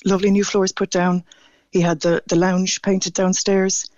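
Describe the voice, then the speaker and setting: A man calling in to a radio show, speaking haltingly and stammering as he grows emotional. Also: high voice, little pitch movement, darkish tone, no echo, lo-fi sound. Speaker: radio caller. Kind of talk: phone-in radio chat.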